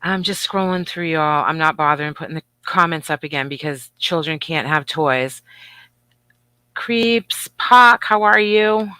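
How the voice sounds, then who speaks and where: A woman's voice: low voice, measured pace, sharp tone, clear, resonant tone, no room sound. A woman co-hosting a casual livestream, bubbly and teasing as she greets viewers. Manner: bubbly, teasing, swings between squeals and mutters. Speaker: livestream co-host.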